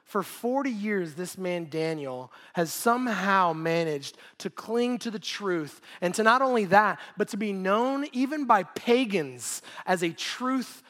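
A man's voice: high-pitched, expressive, unhurried, hardly any pauses, fairly bright tone. Joking man giving a casual sermon. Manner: casual, joking, laughs between points. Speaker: pastor.

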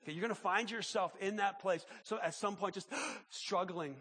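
A man preaching a sermon as pastor, impassioned and halting, often repeating words as he builds. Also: high voice, steady tone, pushed and bright, breathy edge.

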